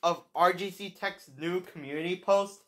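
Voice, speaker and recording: Excitable young woman gaming. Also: on the low side, moderate pace. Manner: excitable, repeats herself, lots of exclamations and restarts. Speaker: gaming video creator. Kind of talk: excited gameplay commentary.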